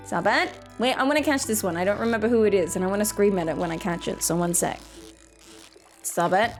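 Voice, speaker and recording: A woman's voice: medium pitch, fairly quick, soft background music. A woman streamer chatting casually with her viewers, playful and jokey, giggling at her own jokes. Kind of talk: casual live-stream chat.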